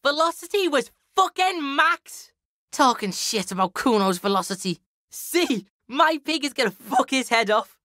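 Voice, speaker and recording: A woman's voice: high-pitched, very animated, measured pace, bright, forceful tone, no echo, studio quality, exaggerated voice. A woman voicing a foul-mouthed, cocky young street boy who brags and talks about himself in the third person. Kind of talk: video game character acting.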